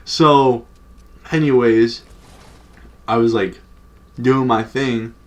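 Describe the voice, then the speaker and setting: A man's voice: medium pitch, fairly even intonation, very slow. A young adult man telling a story in a casual, loose, slangy way, full of "like" and swearing. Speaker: storytime vlogger.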